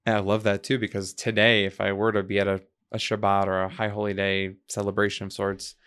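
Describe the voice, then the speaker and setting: A man's voice: on the low side, a little fast, clean tone. A man from the United States, a podcast guest, talking reflectively and telling stories in which he quotes people. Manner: reflective storyteller, quotes people in lively voices. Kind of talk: conversational interview.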